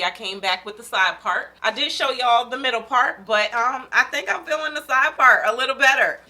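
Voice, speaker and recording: A woman's voice: a little high, pushed and bright. A young woman, chatting casually to viewers while reviewing a wig at home, laughing at her own jokes. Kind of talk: casual beauty vlog.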